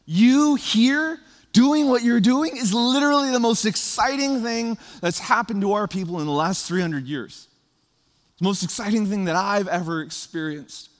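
A man's voice: high voice, moderate pace, big-room sound, natural voice. A man voicing an overjoyed ancient villager who eagerly hails a prophet, pleading and repeating himself. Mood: excited pleading.

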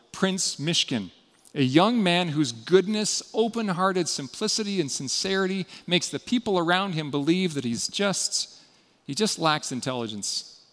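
Earnest preacher in an echoing hall. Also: male voice, sits high. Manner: earnest, dropping to a quiet, intimate tone for appeals. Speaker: pastor. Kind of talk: sermon. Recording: long hall reverb.

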